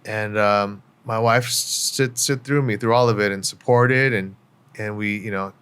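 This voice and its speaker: A man's voice: fairly low pitch, fairly even intonation, measured pace, fairly bright tone, smooth. Candid middle-aged man telling his story. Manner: reflective, candid, many fillers. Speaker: podcast guest. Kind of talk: personal story in casual interview.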